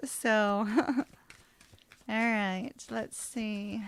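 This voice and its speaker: A woman's voice: fairly high pitch, steady tone, slow pace, smooth, no room sound. A middle-aged woman, chatting through a live tarot reading and laughing often as she tells stories. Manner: chatty, storytelling, swears casually. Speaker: tarot reader.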